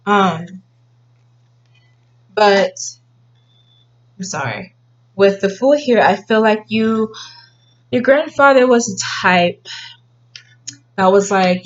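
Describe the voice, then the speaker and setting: A woman's voice: mid-range voice, slow, pauses often, highs cut off. A woman giving a casual tarot reading to her viewers, rambling with many fillers and restarts. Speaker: tarot reader.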